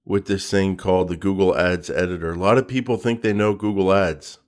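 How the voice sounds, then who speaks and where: A man's voice: deep voice, fairly even intonation, brisk. A man co-hosting a podcast in casual chat, talkative, teasing and open. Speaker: podcast co-host.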